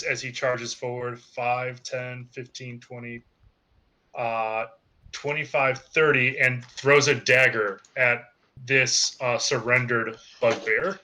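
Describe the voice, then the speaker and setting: Bright-voiced deadpan male game master. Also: medium pitch, takes it slowly. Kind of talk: running a tabletop game over a live stream.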